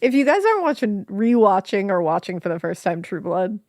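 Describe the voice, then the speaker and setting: A woman's voice: mid-range voice, big pitch swings, a little fast, a little mellow, no echo. A woman co-hosting a podcast in casual, joking chat. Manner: joking, laughs easily. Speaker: podcast co-host.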